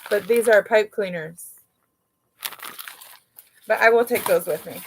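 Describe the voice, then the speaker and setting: A woman's voice: mid-range voice, unhurried, slight background noise, poor audio. A woman vlogging live from her dining room, chatting and thinking aloud as she sorts craft supplies. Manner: chatty, rambling, thinks aloud while sorting. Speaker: mom vlogger hosting a livestream. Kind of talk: casual live decluttering chat.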